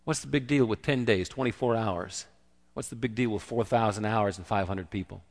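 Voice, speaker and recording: A man's voice: on the low side, normal speed. Man preaching in an echoing hall. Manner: conversational preaching, acts out the quoted voices. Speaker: pastor. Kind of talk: sermon.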